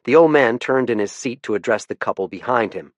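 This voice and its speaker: A man's voice: medium pitch, brisk, no room sound. A man narrating a first-person mystery audiobook in a dry, understated manner.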